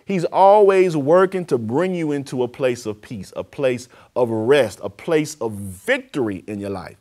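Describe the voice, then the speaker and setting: A man preaching and praying as host of a televised sermon, his voice swelling louder and then dropping low. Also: expressive, measured pace. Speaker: apostle and TV program host.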